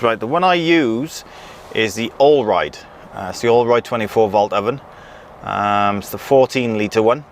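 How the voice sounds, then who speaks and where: A man's voice: mid-range voice, a little slow. A man in casual chat from his truck, reading out viewer comments with lots of ums and restarts. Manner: relaxed, chatty, many ums and restarts. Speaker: truck driver vlogger. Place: in and around a truck. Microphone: action camera with pocket mic. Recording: faint outdoor vehicle noise.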